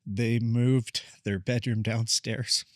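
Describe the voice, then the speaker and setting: Reflective male therapist guest, candid storyteller, mid-pitched voice, dry room. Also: flat delivery, slow pace, no echo. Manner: reflective, candid, relives moments in quoted speech. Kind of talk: personal storytelling interview.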